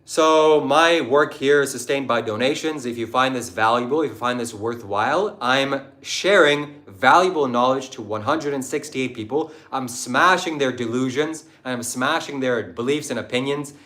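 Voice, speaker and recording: A man's voice: medium pitch, normal speed, few pauses, sharp tone. A man hosting a livestream, answering viewers in a combative, mocking, preachy way. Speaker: livestream host. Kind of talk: livestream talk answering chat.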